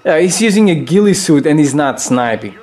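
His gameplay commentary runs a little fast: loose, excited, laced with profanity, and punctuated by high yelps from this young man.

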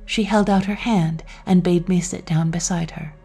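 A woman narrating a classic story calmly and expressively, as a scripted audiobook reading. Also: lowish voice, moderate pace, breathy edge, soft background music.

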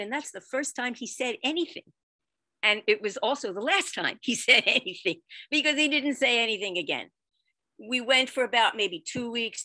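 A woman storyteller telling a personal story expressively, with dramatic swings in loudness. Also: medium pitch, dry recording. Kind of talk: storytelling performance.

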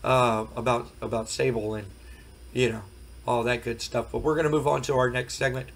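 A hoarse man casually commenting on a wrestling management game, rambling with many fillers. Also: mid-range voice, steady tone, normal speed, poor audio. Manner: rambling, frequent fillers, recapping results. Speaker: game streamer. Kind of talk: casual let's play commentary.

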